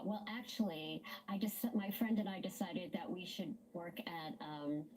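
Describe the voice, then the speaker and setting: A woman voice actress recalling her career in a chatty, relaxed interview. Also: on the low side, a little hiss or hum, poor audio. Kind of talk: casual interview recollection.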